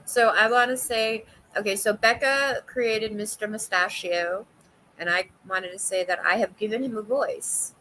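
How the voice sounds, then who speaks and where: A woman hosting a casual livestream chat with viewers, talkative and quick to laugh, often restarting her sentences. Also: mid-range voice, steady tone, pushed and bright, slight background noise, rough recording. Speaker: livestream host.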